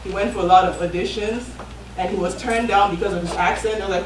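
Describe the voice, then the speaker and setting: A woman's voice: mid-range voice, steady tone, quick pace. A woman hosting a live event, giving an encouraging talk with frequent ums. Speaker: event host. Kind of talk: motivational talk. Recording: echoey room, far from mic, noisy.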